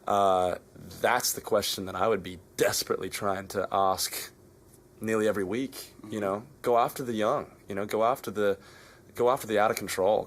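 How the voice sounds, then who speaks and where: An Australian man, a musician guest, speaking earnestly and repeating his points in a casual interview. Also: fairly low pitch. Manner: earnest, fervent, repeats phrases.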